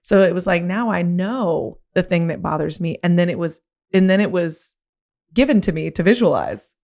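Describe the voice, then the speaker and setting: A woman hosting a podcast talks through a personal story with casual, slangy candor. Her voice sits on the low side. When she gets excited it climbs and speeds up. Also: moderate pace. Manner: animated, rising pitch when excited. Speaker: podcast host. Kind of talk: candid conversational storytelling.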